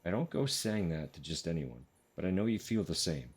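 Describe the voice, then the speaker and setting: A man's voice: deep voice, animated, fairly quick, slightly rough. A man reading as an earnest veteran porter. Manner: earnest, confiding.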